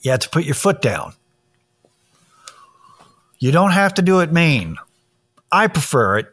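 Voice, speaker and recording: A man's voice: a little high, sing-song, a little slow, fairly bright tone. A man talking in a casual monologue, blunt, opinionated and profane as he tells a story and gives his views.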